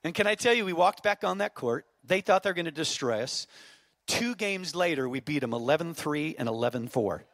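High-voiced preacher in his fifties. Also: animated, brisk. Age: 50s. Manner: storytelling, rising to fervent shouted exhortation. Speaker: pastor. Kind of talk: sermon. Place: church auditorium.

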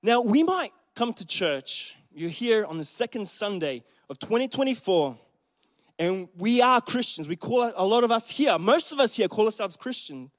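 A man preaching a sermon in a church, telling a story in an animated way and speaking directly to the congregation. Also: sits high, moderate pace.

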